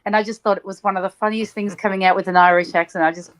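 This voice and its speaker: A woman's voice: mid-range voice, steady tone, very fast. A woman co-hosting casual chat, rambling with many ums. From Australia.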